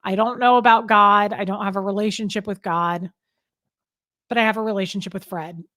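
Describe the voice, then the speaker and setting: A woman's voice: medium pitch, fairly even intonation, brisk, fairly bright tone, dry recording, studio quality. A middle-aged woman, hosting a casual live chat, talking in a heartfelt, rambling way with many ums. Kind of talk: casual live-stream chat reading comments.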